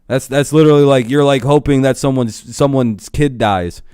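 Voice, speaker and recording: Young dude streamer going off to chat, lots of swearing and laughing, clean smooth voice. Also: male voice, mid-range voice, normal speed, darkish tone, no room sound, studio quality. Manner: profane, heated, laughs often, talks to chat. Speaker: live streamer. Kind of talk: casual live-stream rant.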